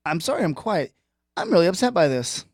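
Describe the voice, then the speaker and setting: A man co-hosting a sports talk show, chatty and quick to laugh. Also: high voice, big pitch swings, a little mellow, no room sound, studio quality. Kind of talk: casual sports banter.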